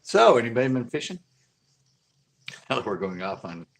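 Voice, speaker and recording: A middle-aged man hosting a fishing channel, telling a long story in a rambling, animated way full of fillers. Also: mid-range voice, moderate pace, gravelly, a little hiss or hum. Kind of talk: casual livestream storytelling.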